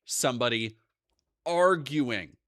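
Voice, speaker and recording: Brief: young male streamer, lively pitch swings, bright tone, dry close mic, profane chatter. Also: slow pace, dry recording. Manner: profane, animated, rambling. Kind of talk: casual live-stream commentary.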